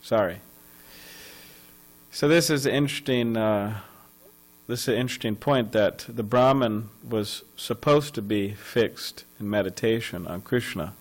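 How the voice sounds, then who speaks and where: Guy giving a temple scripture class, kinda low voice, rambly with lots of uhs, mains hum in the back. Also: moderate pace, poor audio. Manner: rambling, conversational storytelling with many fillers and restarts. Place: temple hall.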